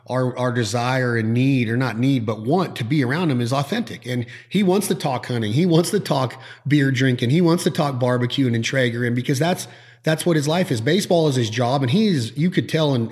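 A man hosting a podcast, talking casually and acting out quoted people as he tells stories. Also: mid-range voice. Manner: animated storyteller who acts out quoted voices. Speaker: podcast host. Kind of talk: casual chat.

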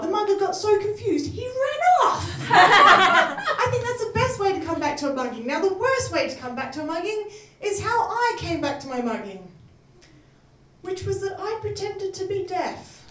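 High-voiced woman doing stand-up. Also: big pitch swings, moderate pace, noisy background. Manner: chatty, self-mocking, laughing at her own jokes. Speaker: stand-up comedian. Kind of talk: stand-up comedy set. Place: comedy club stage. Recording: roomy, distant live venue mic with faint ambience.

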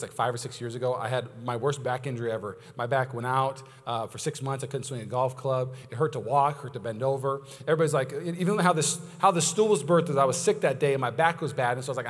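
Brief: male pastor, fairly high voice, chatty sermon, long hall reverb with faint music behind. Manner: casual, chatty preaching with many asides. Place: church sanctuary.

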